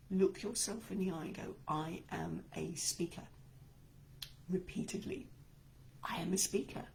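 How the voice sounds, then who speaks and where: A woman's voice: medium pitch, a little mellow, a little hiss or hum, rough recording. A woman coaching speakers in a talk to camera, emphatic and encouraging, a little stuffy-nosed this morning.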